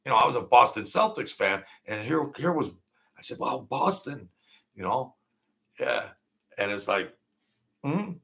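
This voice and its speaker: A man's voice: fairly low pitch, animated, normal speed, gravelly, a bit bright. A middle-aged man hosting a casual late-night livestream from home, rambling and joking with lots of fillers. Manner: rambling, reminiscing, jokey, with many fillers. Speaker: livestream host.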